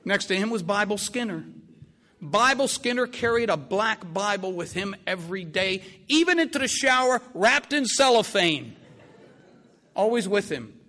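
Older male storyteller, high bright voice, very lively delivery. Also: moderate pace. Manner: animated, vivid, repetitive. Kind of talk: spoken storytelling.

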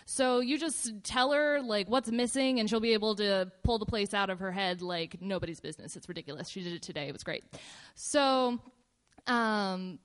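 A woman casually telling a personal story in a relaxed, meandering way, with fillers and pauses. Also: medium pitch.

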